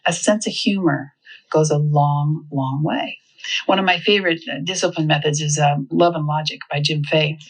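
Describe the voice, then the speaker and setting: Breathy woman giving a lively parenting talk. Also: sits low, normal speed, low-quality recording. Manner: lively, humorous, acts out quotes. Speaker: parenting speaker.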